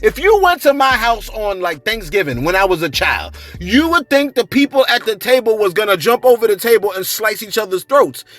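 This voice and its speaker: A man's voice: sing-song, fairly quick, few pauses, no room sound. A man hosting a celebrity gossip show, talking loosely and jokingly to camera and acting out other people's voices. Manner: loud, joking, acts out voices with big swings in pitch. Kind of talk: animated commentary to camera.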